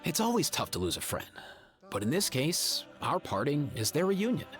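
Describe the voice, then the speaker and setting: A man's voice: a little high, huge pitch swings, normal speed. A man voicing a friendly young male physician in a game, speaking in a casual, comforting way. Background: game music.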